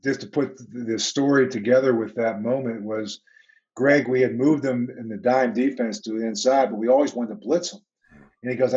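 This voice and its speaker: Heard through lo-fi sound, this mid-range male voice moves fairly quickly. He's a sixty-something ex-football coach from Pittsburgh, by his accent, animatedly retelling stories in an interview and performing the conversations he remembers.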